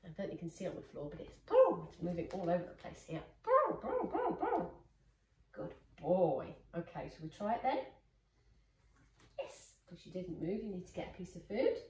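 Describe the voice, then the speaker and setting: Woman dog trainer, lowish voice, encouraging, recorded from across an echoey room with faint noise. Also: a little fast, dark tone, far from the mic. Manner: praising, encouraging. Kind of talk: casual training demonstration.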